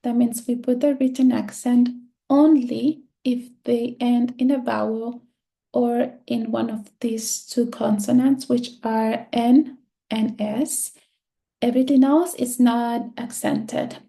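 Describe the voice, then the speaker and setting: A woman teaching a screen-share lesson, speaking slowly and patiently and repeating words to drill the stress. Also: fairly high pitch, fairly even intonation, vocal fry, dark tone. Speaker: Spanish teacher.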